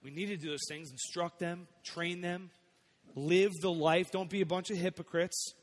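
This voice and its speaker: A man's voice: sits high, steady tone, moderate pace. Man preaching in a reverberant hall. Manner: conversational preaching, swings between soft and emphatic. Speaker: pastor. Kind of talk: sermon.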